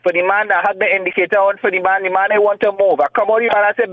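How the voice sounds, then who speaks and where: A man's voice: high-pitched, flat delivery, rapid-fire, few pauses. A man with a Trinidadian accent calling in to a talk show, telling his side of a dispute in an agitated, defensive way over the phone. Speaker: caller. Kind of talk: phone-in call. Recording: tinny phone line.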